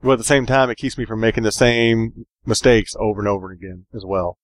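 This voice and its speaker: Relaxed man, dry close sound. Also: fairly low pitch, fast, dry recording. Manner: relaxed, joking, rambling with fillers. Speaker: podcast co-host. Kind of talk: casual podcast chat.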